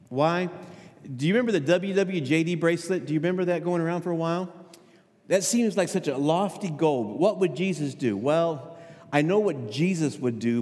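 Man preaching in an echoing church. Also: fairly high pitch. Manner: conversational, asks the congregation questions, repeats words. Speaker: pastor. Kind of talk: sermon. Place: church sanctuary. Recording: hall with long reverb. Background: long hall reverb.

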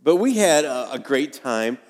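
A man's voice: mid-range voice, big pitch swings, a little slow. A man in his fifties preaching a sermon as pastor, telling homespun stories with self-deprecating humor in a conversational way. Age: 50s. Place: church sanctuary. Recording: long hall reverb.

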